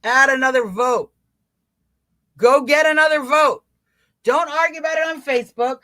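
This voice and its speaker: A woman hosting a live political talk stream, urging her viewers on with emphatic, repeated commands and quick mimicking asides. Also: sits high, sharp tone. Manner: emphatic, repetitive exhortation straight to viewers. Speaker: live-stream show host.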